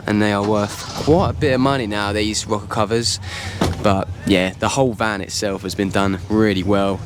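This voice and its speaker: A man's voice: on the low side, background noise. An enthusiastic man, chatting casually as he walks around an outdoor car show, his voice slightly worn. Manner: enthusiastic, chatty, informal slang. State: slightly losing voice. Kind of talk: casual walkaround commentary.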